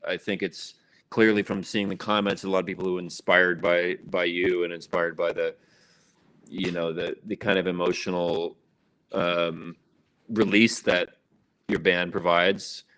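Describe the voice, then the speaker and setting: A man hosting a casual interview over a video call, talking in a halting, thoughtful way with plenty of fillers. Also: low-pitched, level tone, a bit bright. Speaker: show host.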